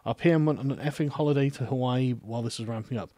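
A relaxed man hosting a livestream and chatting his way through viewer messages, often pausing on "um" and laughing easily. His voice sits at an ordinary middle pitch. It is recorded close and dry, with no room sound. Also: no room sound. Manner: relaxed, hesitant with many ums, laughs often. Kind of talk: casual live-stream chat.

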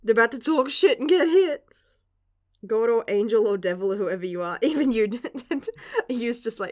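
A woman's voice: medium pitch, animated, normal speed. A young woman reacting casually to a manga chapter, gushing and giggling, with casual swearing. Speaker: manga reviewer.

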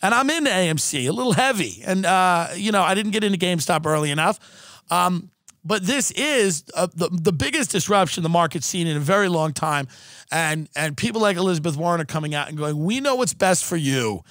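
Sarcastic, high-voiced male podcast host. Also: brisk, no echo, studio quality. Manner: sarcastic, profane, animated. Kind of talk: comedic rant.

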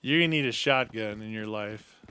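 A man's voice: lowish voice, a little fast, sharp tone, clear, resonant tone. A man co-hosting a gaming video, chatting playfully and giving his views on the map while he plays, with game gunfire behind him. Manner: chatty, playful, gives opinions on map design. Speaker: gaming channel co-host. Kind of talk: casual gameplay chat.

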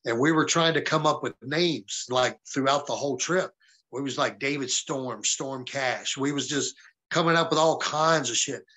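A man's voice: mid-range voice, moderate pace, bright, forceful tone. A man from the American South, a wrestling guest on an interview show, telling stories casually and profanely and acting out the people he quotes.

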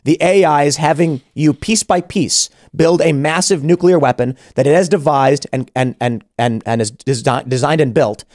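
A man's voice: a little high, moderate pace, hardly any pauses, darkish tone, dry recording. A man hosting a podcast, talking casually and animatedly, acting out imagined dialogue with many restarts, close to a studio mic. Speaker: podcast host.

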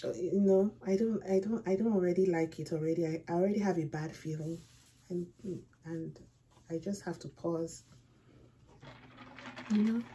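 A woman hosting a movie reaction, thinking aloud slowly and repeating herself with rhetorical questions. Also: lowish voice, dark tone, a little hiss or hum. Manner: slow, musing and repetitive, with rhetorical questions.

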